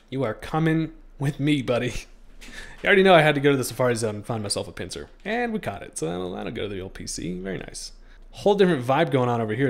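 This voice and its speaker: A man's voice: mid-range voice, vocal fry. A young man giving playful let's-play commentary on a game, joking with the creatures he tries to catch. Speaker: gaming streamer.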